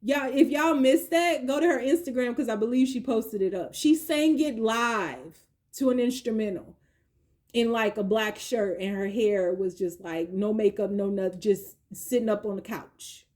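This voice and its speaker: A woman giving a chatty tarot reading, slangy and playful, with quick asides. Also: a little high, a little mellow. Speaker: tarot reader. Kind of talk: casual tarot reading monologue.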